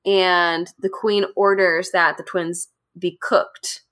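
A woman host casually retelling a dark fairy tale to friends, chatty and animated. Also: on the low side, slow. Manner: chatty, animated, laughs often. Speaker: podcast host.

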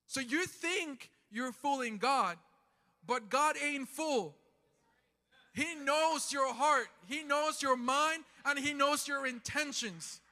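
A man preaching a sermon in a church, impassioned, swinging from loud calls to quiet talk. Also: very high voice, slow pace, in a large hall. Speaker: pastor. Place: church sanctuary.

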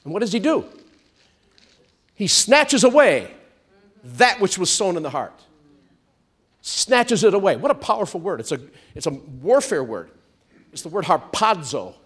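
Lively high-voiced male preacher. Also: husky. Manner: animated, drawn-out emphatic preaching with call-and-response. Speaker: pastor. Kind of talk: sermon.

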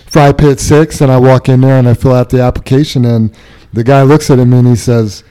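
A man's voice: medium pitch, steady tone, brisk, mellow, clear, resonant tone. A man hosting a casual group chat, telling funny anecdotes and jokes and laughing along. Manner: jokey storyteller, laughs easily. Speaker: host.

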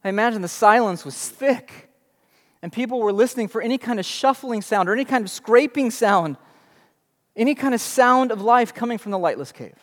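A man's voice: very high-pitched, expressive, brisk. A young adult man preaching a sermon, telling the story dramatically with emphatic rhetorical questions. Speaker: pastor. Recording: long reverb in a large hall.

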